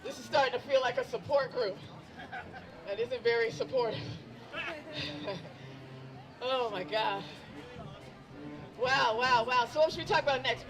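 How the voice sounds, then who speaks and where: Self-mocking middle-aged woman comic, crowd around. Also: high voice. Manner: self-deprecating, bantering with the crowd. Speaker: stand-up comedian. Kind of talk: outdoor stand-up set. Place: outdoor event. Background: crowd of onlookers.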